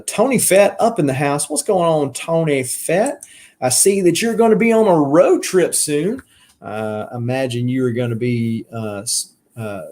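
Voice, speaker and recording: Answering viewer comments on a casual live stream, this Southern US man who hosts a collector channel rambles, often using fillers and restarting his sentences. His voice is mid-range and a little mellow.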